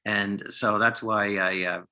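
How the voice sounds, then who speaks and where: A man in his sixties from upstate New York, an actor telling lively stories from his career in a casual interview, acting out the lines of people he quotes. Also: on the low side, unhurried. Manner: animated storyteller, acts out quoted lines, many restarts. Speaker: actor guest.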